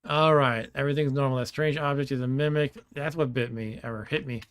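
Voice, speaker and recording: A man narrates his gameplay in a loose, chatty way, thinking out loud and breaking into laughs. His voice sits at an ordinary middle pitch. The sound is dry and close, with keyboard clicking in the background. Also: fairly even intonation, fairly quick, clean tone, dry recording. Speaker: gameplay streamer. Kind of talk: casual let's-play commentary.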